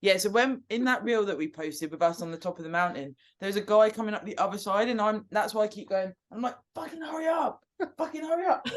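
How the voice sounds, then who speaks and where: A woman's voice: medium pitch, fast, few pauses. Sweary laughing woman hosting a chat. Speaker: host. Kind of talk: casual group chat.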